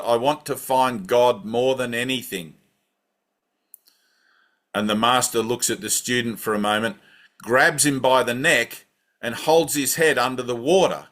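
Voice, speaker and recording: A man's voice: medium pitch, fairly bright tone. A man giving a conversational spiritual talk and guiding a breathing practice, often checking in with "right?". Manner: conversational, keeps asking "right?". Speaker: spiritual teacher. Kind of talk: satsang talk with guided breathing.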